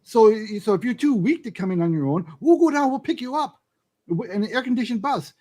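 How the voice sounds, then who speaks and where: A man talking as a guest in a casual chat, animated and stumbling over restarts as he makes his points. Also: high voice. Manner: animated, halting with stammered restarts. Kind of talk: casual conversational commentary.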